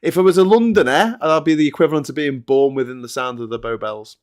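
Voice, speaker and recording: A man's voice: on the high side, fast, clean tone. A man with a Liverpool Scouse accent hosting a casual show, chatty and jokey, swearing freely. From Liverpool, England. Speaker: host. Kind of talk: casual chat.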